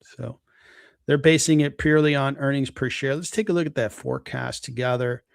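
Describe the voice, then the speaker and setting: Fairly quick and creaky, this medium-pitched man thinks aloud with fillers as he casually breaks down a company's stock valuation on his live stream. He sounds relaxed, and the recording is dry and studio quality.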